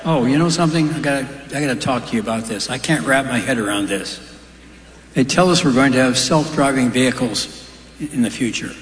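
Guy telling one-liners on stage, folksy, big echoey hall. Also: mid-range voice. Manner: folksy punchline delivery with quick asides. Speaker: stand-up comedian. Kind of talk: stand-up joke telling. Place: large live venue. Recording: roomy hall with long reverb.

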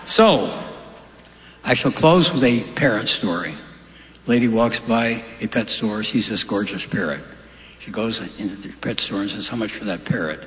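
A man's voice: lowish voice, measured pace, fairly bright tone. A man doing stand-up comedy in a large hall, delivering dry one-liners and long joke stories. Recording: live stage recording in echoey hall.

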